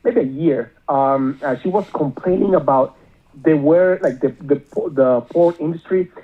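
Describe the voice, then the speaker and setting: A man's voice: on the high side, normal speed. A male caller, rambling with many filler words, heard over a phone line. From Miami area.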